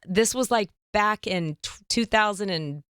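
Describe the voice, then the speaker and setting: A woman hosting a podcast, telling a story in a lively, chatty way and squealing up high when she quotes herself. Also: a little slow, smooth, dry recording, studio quality. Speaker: podcast host. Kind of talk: casual storytelling chat.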